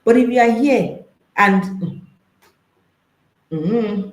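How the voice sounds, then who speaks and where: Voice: medium pitch, slow, long pauses, roomy sound, rough recording. A marriage and intimacy coach, speaking to an audience, emphatic and repeating phrases, firing off rhetorical questions.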